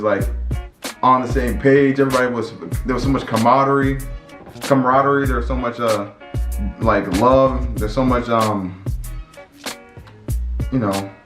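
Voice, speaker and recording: A man vlogging in a casual, storytelling way, excitable and rambling, with many restarts and repeated words. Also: mid-range voice. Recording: echoey room with faint music.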